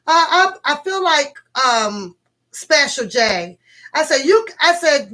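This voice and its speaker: A middle-aged woman vlogger telling a story to her viewers in a casual, profane, animated way, laughing as she goes. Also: high-pitched, slow, poor audio.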